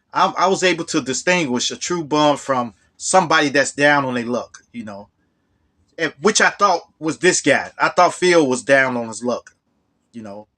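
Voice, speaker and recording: A man telling a true story from his own life in a loose, casual way. His voice sits fairly high for a man and leaps higher when he gets worked up. He repeats words as he talks. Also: sharp tone.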